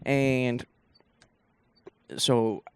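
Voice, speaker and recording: A man's voice: medium pitch, level tone, very slow, clean tone. A young man from Northeast Ohio, a comedian, telling rambling stories on his solo podcast with lots of swearing and asides. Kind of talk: casual solo podcast storytelling.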